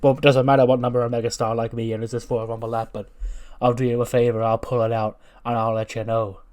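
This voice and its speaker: Guy putting on a loud cocky wrestling megastar, brags and mocks everyone, kinda pushed back from the mic. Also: mid-range voice, little pitch movement, quick pace, lightly acted. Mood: smug. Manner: brash, boastful, mocking. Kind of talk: voicing figures while narrating a simulated wrestling show.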